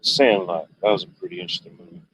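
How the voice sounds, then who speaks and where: A man with a deep, fairly bright voice hosts a livestream, talking at a quick pace. He rambles through stories in a laid-back, casual way, using loose, drawling turns of phrase, over dull lo-fi stream audio with faint noise.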